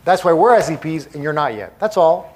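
Emphatic, slightly high-voiced male motivational speaker. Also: expressive, fairly quick, breathy edge. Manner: emphatic, repetitive, punchy. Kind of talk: live motivational talk to an audience.

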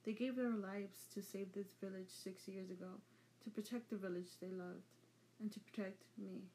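A woman's voice: medium pitch, steady tone, moderate pace, warm tone, a little hiss or hum, lightly acted. A woman reading aloud and voicing a brash, sarcastic young boy ninja from a fan story. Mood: earnest. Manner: teasing, sarcastic.

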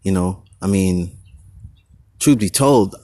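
A man hosting his own podcast, talking casually and rambling into tangents with a husky voice and slangy manner. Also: deep voice, slow pace, a little mellow. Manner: goes on tangents, restarts, slangy. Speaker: podcast host.

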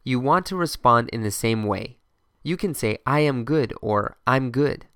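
A man teaching in a podcast lesson, clear and patient, running practice drills. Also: mid-range voice, expressive, measured pace, fairly bright tone, no room sound, studio quality. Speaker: language teacher.

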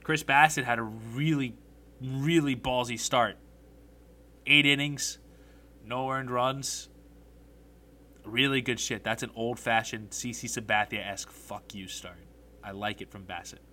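Bright-voiced man ranting about sports. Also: mid-range voice, measured pace, long pauses. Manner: animated, blunt and profane, rants. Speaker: sports podcast host. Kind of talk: solo sports commentary podcast.

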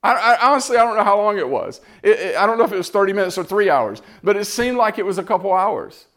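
Earnest high-voiced man preaching. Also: lively intonation, fast, fairly bright tone. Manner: earnest, repetitive, impassioned. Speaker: preacher giving testimony. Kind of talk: emotional testimony sermon.

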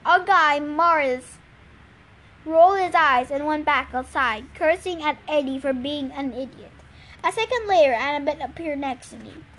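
A woman's voice: high voice, normal speed, fairly bright tone. A woman reading a novel aloud in an earnest, plain storytelling manner. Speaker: reader.

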